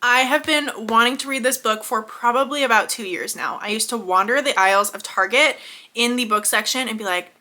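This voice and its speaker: A woman's voice: on the high side, brisk, pushed and bright. A young woman chatting casually in a vlog, gushing emotionally about books and often repeating herself. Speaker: book vlogger. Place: home.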